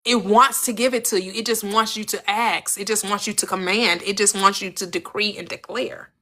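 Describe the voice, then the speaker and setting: A woman's voice: mid-range voice, fairly even intonation, normal speed, sharp tone. A woman giving a spiritual teaching in an emphatic, preacherly cadence, repeating phrases and asking rhetorical questions.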